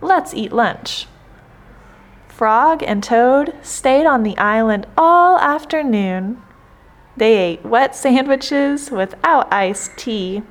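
A woman reading a children's storybook aloud, slow and expressive. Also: a little high.

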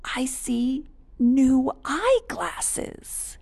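A kindly old grandfather duck from a picture book, whispering softly and slowly, as a woman reads him. His hushed voice has a gravelly edge. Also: a little high, animated, exaggerated voice. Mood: gentle. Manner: soft whispering.

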